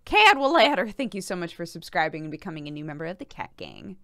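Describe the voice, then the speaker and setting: Giggly woman streamer, smooth low voice. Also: lively intonation, fast talker, dry recording, clean studio sound. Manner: chatty, giggly, lots of fillers. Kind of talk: casual chat with viewers.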